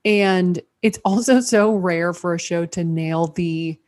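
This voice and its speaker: A woman's voice: lowish voice, takes it slowly, a little mellow. A woman co-hosting a casual TV podcast, sharing enthusiastic opinions about a drama series. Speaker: podcast co-host. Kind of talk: casual TV recap chat.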